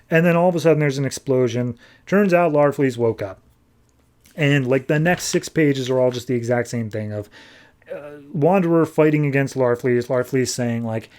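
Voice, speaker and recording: A man's voice: mid-range voice, normal speed. A man on a podcast casually recapping a comic book and acting out the characters' lines as he goes. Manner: animated retelling, acting out characters' lines in passing. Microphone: podcast microphone.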